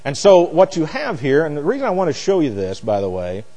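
Guy giving a bible lesson, higher voice, spells words out, big echoey hall. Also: wildly swooping pitch, fairly quick, dark tone. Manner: spells out words letter by letter, mocking asides. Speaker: preacher. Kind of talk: Bible teaching lecture.

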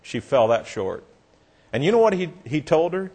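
A man preaching a sermon, telling a story earnestly and dropping soft for effect. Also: on the high side, sing-song, normal speed, slightly rough.

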